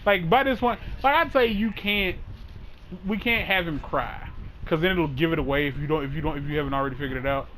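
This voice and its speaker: A man hosting a casual podcast chat, telling a long story in a rambling, animated way, full of "like" and restarts. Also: on the high side, brisk, slight background noise, low-quality recording. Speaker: host.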